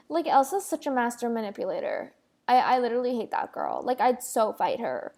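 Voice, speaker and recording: A woman with a high voice hosts a solo podcast, talking in a casual rant. She rambles and stresses her points, filling her sentences with "like" and "literally.". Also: lively intonation, moderate pace, a little mellow. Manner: rambling, emphatic, heavy use of "like" and "literally". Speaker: podcast host.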